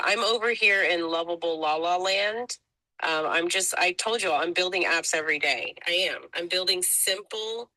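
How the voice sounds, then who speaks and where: A woman's voice: fairly low pitch, no echo, rough recording. A woman on an online group call, gushing and chatty as she shares an update and thanks everyone. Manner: gushing, chatty and warm-hearted. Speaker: community member sharing an update.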